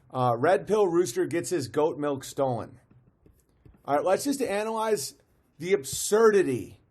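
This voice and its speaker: A man's voice: a little high, a little mellow. A man streaming live, commenting on a video with amused disbelief, often restarting his sentences. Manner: amused, incredulous, restarts and laughs.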